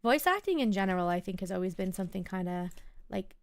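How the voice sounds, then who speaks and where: Soft-spoken young woman with a gravelly edge. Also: medium pitch, animated, quick pace, no echo. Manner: soft, musing, talks to herself and chat with many fillers. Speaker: streamer. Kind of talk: casual live-stream chat while journaling.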